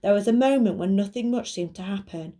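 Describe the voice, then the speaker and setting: A woman, a primary school teacher reading a children's book aloud clearly and expressively. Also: medium pitch, fairly quick, mellow.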